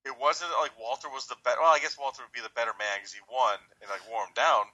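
A man co-hosting a casual wrestling chat, easygoing, with quick agreeing asides. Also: mid-range voice, steady tone, bright, forceful tone, muffled recording. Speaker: podcast co-host.

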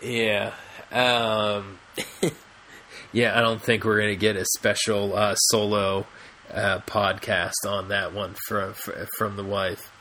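Slow-talking, rambling podcast man. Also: fairly low pitch, flat delivery, bright, forceful tone, a little hiss or hum. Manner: rambling, many fillers and restarts. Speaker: podcast co-host. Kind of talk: casual chat.

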